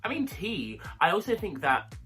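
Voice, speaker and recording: A co-host telling gossipy stories in a casual review chat, with a pitch that swings widely and a bright edge. The talk rambles, full of asides and laughs. Faint music plays underneath. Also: big pitch swings, normal speed. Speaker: podcast co-host.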